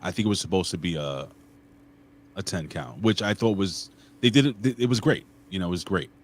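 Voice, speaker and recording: A man with a very low voice co-hosts a laid-back podcast, swearing freely and telling stories with animated bursts. A faint hiss of background noise sits under his voice. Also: brisk. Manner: loose, profane, animated storytelling. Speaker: co-host. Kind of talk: casual podcast chat.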